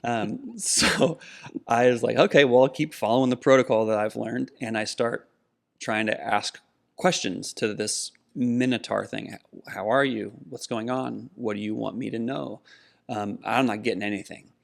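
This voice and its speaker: A man's voice: medium pitch, steady tone, moderate pace, gravelly. A middle-aged man co-hosting a podcast, telling a personal story earnestly in casual conversation. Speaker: podcast co-host.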